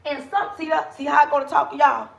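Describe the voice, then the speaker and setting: A woman hosting a casual livestream from her kitchen, talking to viewers in an animated, preachy way. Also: high voice, fast, creaky. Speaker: livestream host. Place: home kitchen.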